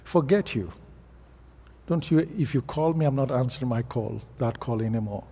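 A man's voice: medium pitch, moderate pace, mellow, husky. A man with an African accent, a pastor preaching a sermon and telling stories in a plain, earnest way. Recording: long reverb of a hall.

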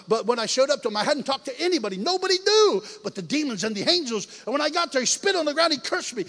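A man preaching a lively sermon, telling his testimony with shouts, jokes and laughter. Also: very high-pitched, fast talker, few pauses, big-room sound.

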